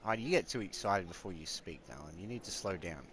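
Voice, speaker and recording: A man's voice: sits low, animated, fast, fairly bright tone, a little hiss or hum. A man, chatting casually and rambling while live-streaming a game at home. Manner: rambling, chatty, talks aside to family.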